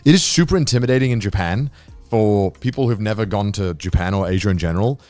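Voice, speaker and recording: A man's voice: lowish voice, fast talker, darkish tone, no room sound, faint music behind. A man co-hosting a podcast, telling a rambling story and acting out quoted dialogue. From Wales. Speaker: podcast co-host. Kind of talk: casual chat.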